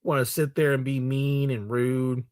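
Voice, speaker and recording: A man's voice: mid-range voice, level tone, a little slow, a little mellow, no room sound, studio quality. A man giving a blunt, profane and heated commentary rant in a vlog. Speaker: commentary vlogger. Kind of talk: ranting commentary.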